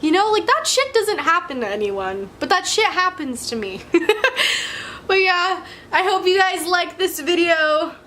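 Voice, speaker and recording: A woman's voice: extremely high pitch, big pitch swings, a little slow, bright, forceful tone, a little hiss or hum. A young woman vlogger telling a story in casual chat, talking freely with lots of "like" and swearing, and often laughing as she talks. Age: young adult. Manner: chatty and profane, full of "like" and "you know".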